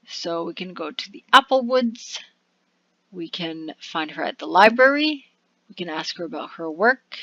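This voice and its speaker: A woman hosting a let's play, reading the game's text aloud slowly and muttering asides about her choices. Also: lowish voice, sharp tone, dry recording, muffled recording. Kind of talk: game commentary reading on-screen text aloud.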